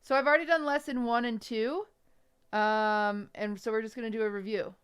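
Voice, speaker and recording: A woman's voice: fairly high pitch, fairly even intonation, normal speed, smooth. A woman hosting a casual livestream, chatting with her viewers and thinking aloud as she clicks through an app lesson, on a desk microphone. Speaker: livestream host.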